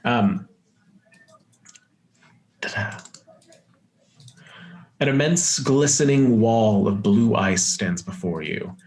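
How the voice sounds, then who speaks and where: A man narrating a tabletop game as game master, with measured description and quick asides. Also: lowish voice, expressive, a little mellow.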